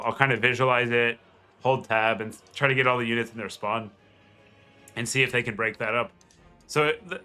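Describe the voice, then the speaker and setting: A man's voice: medium pitch, sharp tone, clear, resonant tone. A man casting a strategy game match in a casual, rambling way, with a nasal voice and lots of fillers and restarts. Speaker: game commentator. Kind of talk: casual gameplay commentary.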